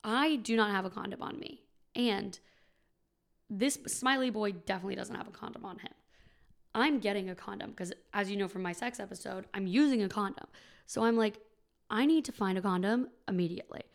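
A woman's voice: mid-range voice, brisk, vocal fry. A woman in her twenties hosting a podcast, telling a story in a chatty, casual way full of "like" and acted-out quotes. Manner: chatty, frequent "like", animated quoting. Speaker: podcast host.

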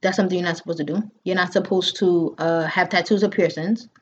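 Talking fast in a fairly low voice, a woman in her thirties hosts a podcast and tells a casual story. She acts out what the people in it said with animated delivery and plenty of fillers, on dull lo-fi audio with slight background noise.

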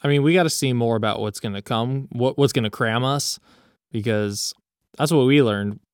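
A man's voice: medium pitch, moderate pace, clear, resonant tone, no echo, clean studio sound. A man co-hosting a podcast, bantering in a crude, joking, profane way. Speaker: podcast co-host. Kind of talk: casual chat.

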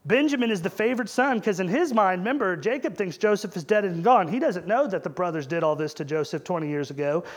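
A man's voice: high-pitched, fast talker, hardly any pauses. A man preaching a sermon in a conversational way, asking the congregation rhetorical questions.

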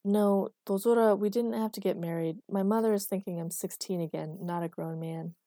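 A patient, wry grown son who explains things with gentle teasing, read by a woman narrator. The voice is warm and mellow, close and dry. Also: medium pitch, moderate pace, no room sound, natural voice.

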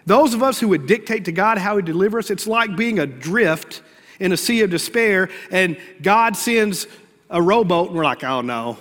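A man preaches a sermon in a high, bright voice. He keeps it conversational, slipping into little acted prayers and asides. Long reverb from the church hall hangs on his words. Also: normal speed. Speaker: pastor.

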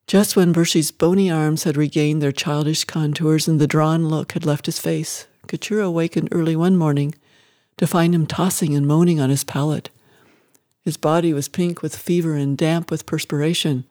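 Story narrator, expressive reading, mid pitch, dry close-miked recording. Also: no echo. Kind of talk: dramatic audiobook narration.

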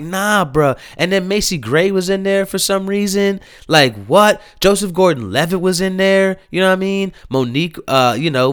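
Animated slangy man ranting. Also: mid-range voice, smooth. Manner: animated, slangy, repetitive exclamations. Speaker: commentary host. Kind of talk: casual opinion commentary.

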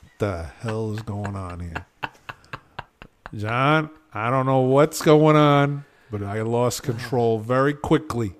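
A man's voice: mid-range voice, slow. A man on a casual podcast, telling a story animatedly with lots of fillers and acted-out quotes. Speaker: podcast host. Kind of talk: casual chat.

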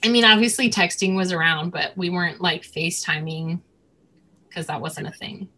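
A woman's voice: on the low side, fairly even intonation, moderate pace, bright, forceful tone. A woman in her thirties casually telling a personal story, rambling with many fillers as she chats with her co-host. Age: 30s.

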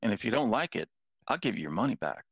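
An older man chats casually, telling stories and poking fun at himself. His voice sits low with a rough, gravelly edge. The sound is dry and close. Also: big pitch swings, fast talker, no echo. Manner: self-deprecating, jokey storyteller. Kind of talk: casual conversation.

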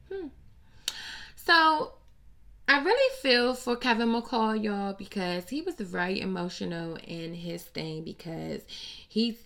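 A woman with a gravelly, fry-tinged voice runs through celebrity gossip in a casual, unscripted way. Her delivery is blunt, profane and sassy, with an animated bounce. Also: on the low side. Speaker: host.

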